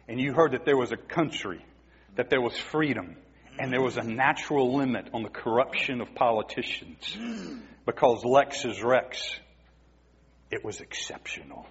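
A man's voice: mid-range voice, expressive, normal speed, fairly bright tone, breathy edge. A man preaching a sermon, emphatic and asking the congregation rhetorical questions. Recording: dull, muffled recording in a reverberant hall.

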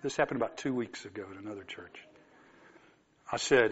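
A man's voice: lowish voice, brisk, husky. Man preaching a sermon, lo-fi. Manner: storytelling, swings from soft asides to emphatic exclamations.

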